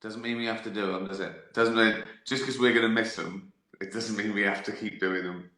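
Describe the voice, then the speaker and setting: A comedian with a lowish, sharp voice and fairly even intonation talks a little fast on a reverberant livestream. Answering viewers casually, he rambles between jokes, swears freely and laughs at his own lines.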